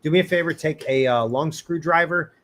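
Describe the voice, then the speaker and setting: A man's voice: on the high side, fairly quick, fairly bright tone, a little hiss or hum. A man hosting a casual live arborist Q&A, cracking puns and laughing often as he answers viewers. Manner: joking, punny, laughs often. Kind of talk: casual livestream Q&A.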